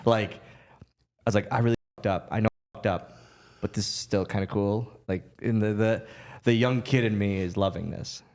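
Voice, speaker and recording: A man, a podcast guest, telling stories in an animated way, laughing often and acting out other people's voices. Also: lowish voice, moderate pace. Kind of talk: storytelling on a podcast.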